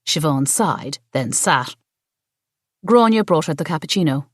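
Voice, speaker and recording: A woman narrating a cozy mystery audiobook in an even, storytelling manner. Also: low voice, unhurried, dry recording, clean studio sound. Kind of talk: scripted narration.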